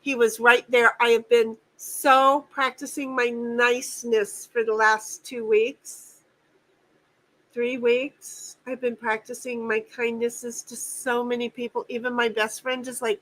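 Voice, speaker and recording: Bright high-voiced woman venting on stream. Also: measured pace, poor audio. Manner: profane, venting, repeats herself. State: angry and upset. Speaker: stream host. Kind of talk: casual livestream chat. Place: home.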